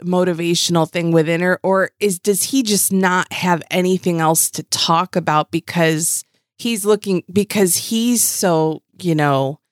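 A woman's voice: lowish voice, unhurried, dry recording, clean studio sound. A woman co-hosting a podcast, chatting animatedly and swearing, often trailing off mid-thought. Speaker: podcast co-host. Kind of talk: casual chat recapping a reality show.

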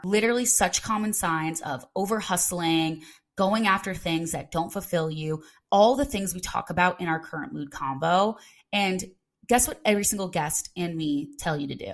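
A woman's voice: on the low side, normal speed. Chatty young woman podcast host. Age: 20s. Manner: chatty, frequent "like" fillers, upbeat. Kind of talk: casual solo podcast chat.

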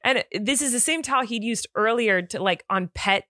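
Bright, laughing young woman co-host. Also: a little high, moderate pace, dry recording, studio quality. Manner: laughs often while telling a story, animated. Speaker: podcast co-host. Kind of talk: casual storytelling chat. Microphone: studio microphone.

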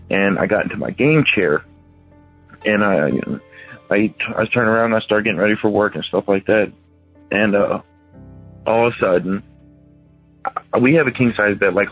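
A man in his thirties, a caller rambling through a ghost story and acting out the voices of the people in it. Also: fairly low pitch. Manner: rambling, acts out quoted voices. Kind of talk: casual phone-in storytelling. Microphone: phone. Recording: tinny phone line with faint music.

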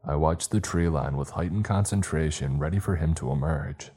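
A man narrating a scary story in the first person, steady and dramatic. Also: very deep voice, normal speed, slightly rough. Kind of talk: scripted horror story narration.

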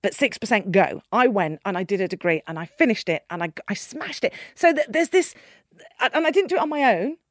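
A woman's voice: mid-range voice, no room sound, clean studio sound. Emphatic woman telling her story. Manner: emphatic, expressive, quick shifts between quiet and loud. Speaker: guest, keynote speaker. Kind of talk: candid personal storytelling in conversation.

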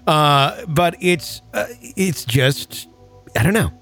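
Man, podcast host, from Wisconsin, casual rambling talk, lively pitch, slightly high voice. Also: slow pace, soft background music. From Wisconsin, USA. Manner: rambling, laughing, swearing.

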